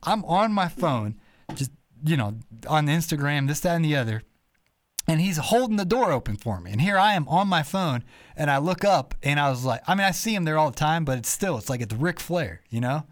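A man hosting a podcast, telling rambling, animated stories full of quoted voices. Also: on the high side, a little fast, no room sound, studio quality. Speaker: podcast host. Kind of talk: casual storytelling chat.

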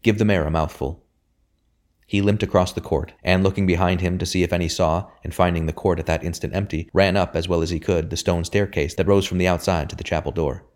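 A man narrating a novel chapter in a measured, even storytelling manner. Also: low-pitched. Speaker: audiobook narrator.

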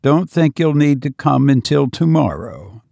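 A man's voice: mid-range voice, lively intonation, unhurried, creaky, darkish tone, dry recording. A man voicing a frail, devoted old servant who speaks in a quivering, pleading voice. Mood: anxious.

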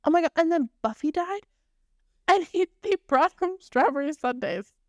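A woman's voice: very high voice, lively intonation, normal speed, no room sound. A young adult woman co-hosting a podcast, telling family anecdotes in casual chat and landing dry punchlines. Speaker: podcast co-host.

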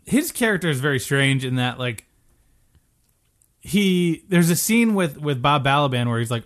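A man's voice: on the high side, lively intonation, normal speed, a bit bright. A man co-hosting a casual movie review chat, hesitant and trailing off mid-thought.

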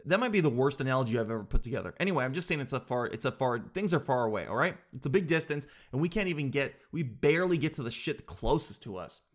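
A man's voice: medium pitch, animated, fast talker, few pauses. A young man hosting a casual solo show, rambling and joking in a slangy way. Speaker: podcast host.

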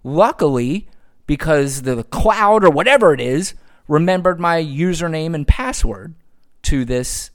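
Animated, ranting man podcaster. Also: on the high side, a little slow. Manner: sarcastic, ranting, profane. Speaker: podcast host. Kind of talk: solo podcast commentary.

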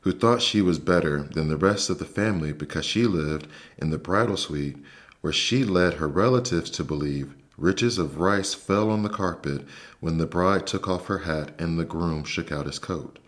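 A man with a deep, low voice reads a bedtime story aloud. His narration is soft, slow and soothing. He speaks as a calm podcast host.

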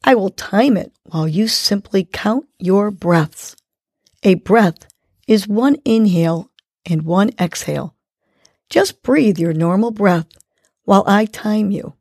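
A woman hosting a morning mindfulness segment, calmly and encouragingly guiding a breathing lesson for kids. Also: mid-range voice, dry recording, studio quality. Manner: calm, slow, encouraging instruction.

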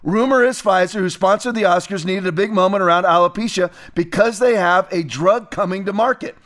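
A man's voice: high voice, fairly quick, a bit bright. A man hosting a political commentary show, talking emphatically and repeating phrases for stress.

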